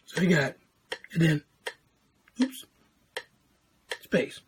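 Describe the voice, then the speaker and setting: A woman teaches a music lesson to the camera, walking through note values step by step and counting in before she chants the rhythm. Her voice sits a little low. A faint hiss runs under the recording. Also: very slow. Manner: patient explaining, counting in and chanting syllables. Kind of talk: classroom lesson video.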